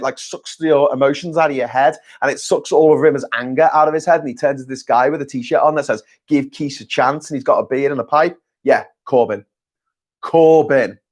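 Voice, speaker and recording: A man hosting a casual live-stream chat, ranting, rambling, and swearing freely. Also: on the high side. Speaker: host.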